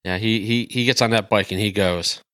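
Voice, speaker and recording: A man with a bright, forward voice chatting casually as a podcast co-host. He is easygoing and talks things through aloud, recorded dry and close. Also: lowish voice, fairly even intonation, fairly quick, no echo.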